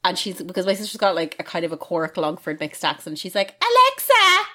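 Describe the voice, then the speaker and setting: Chatty woman, slightly low voice. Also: steady tone, fast. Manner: chatty, swears freely, laughs often. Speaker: podcast host reading listener questions. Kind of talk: casual chat.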